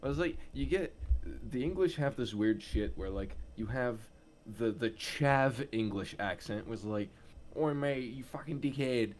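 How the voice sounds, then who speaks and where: A man's voice: lowish voice, lively intonation, measured pace, a little hiss or hum. A man in casual chat, rambling and profane.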